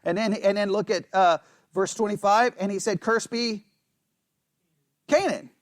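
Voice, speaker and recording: A man's voice: sits high, fairly quick, no echo. A man teaching a Bible study class in a casual, conversational way, often checking in with his listeners and joking with dry self-mocking sarcasm. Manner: animated, checks in constantly with "right?".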